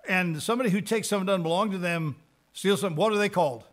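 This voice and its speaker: A man teaching a Bible lesson on evangelism, reading verses aloud slowly and then explaining them in plain words, often repeating words for emphasis. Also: high-pitched.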